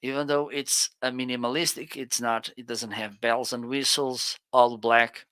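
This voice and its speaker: A man's voice: mid-range voice, flat delivery, normal speed, pushed and bright, clean tone, no echo. A man with a Portuguese accent, co-hosting a live stream and enthusiastically reviewing products into a close studio microphone. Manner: enthusiastic, frequent "okay?" check-ins. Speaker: livestream co-host. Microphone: close studio dynamic mic.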